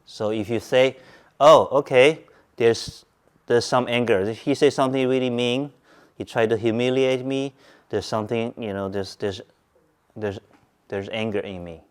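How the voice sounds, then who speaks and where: A man teaching Buddhism at a Zen centre, speaking calmly, repeating points and asking his listeners questions. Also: medium pitch, measured pace, smooth. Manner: calm, repetitive, asks listeners questions. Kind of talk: Dharma talk to a group.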